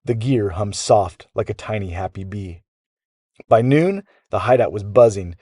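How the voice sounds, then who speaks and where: Telling a children's bedtime story in an animated, lively style, this deep-voiced man keeps a measured pace. The recording is close-miked and dry.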